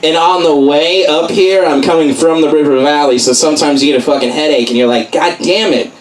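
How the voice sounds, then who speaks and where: A man's voice: on the high side, steady tone, fairly quick, crowd noise. A man from Arkansas doing a crude, profane, rambling stand-up set in a small comedy club with a live audience. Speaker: stand-up comic. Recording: distant mic, loud room noise.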